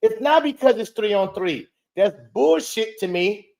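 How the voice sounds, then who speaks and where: A man hosting a reaction show, heckling a clip in a loud, profane rant. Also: high-pitched, lively intonation, unhurried, creaky. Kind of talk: ranting reaction commentary.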